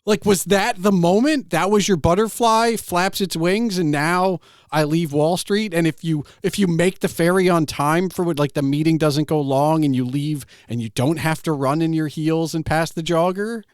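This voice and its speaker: A man's voice: a little high, moderate pace, hardly any pauses, no echo, clean studio sound. A man in his forties hosting a podcast interview, asking long, rambling questions full of "like". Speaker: podcast host. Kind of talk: conversational interview.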